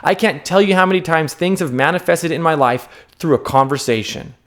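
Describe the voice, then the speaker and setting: A man's voice: fairly high pitch, fairly quick, a bit bright. A man in his thirties talking straight to camera, giving unscripted self-help advice in an earnest, emphatic way, repeating key words and checking in with the viewer. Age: 30s.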